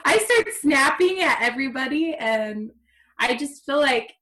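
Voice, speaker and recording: A woman's voice: high voice, lively intonation, measured pace, fairly bright tone. A woman guest on a podcast, chatting candidly and laughing often. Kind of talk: casual podcast chat.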